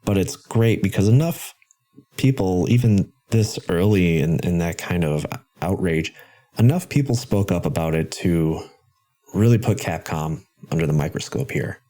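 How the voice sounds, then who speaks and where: A man hosting a podcast about video games, ranting in an animated, sarcastic way. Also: low voice, normal speed. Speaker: podcast host. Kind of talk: casual game-commentary podcast.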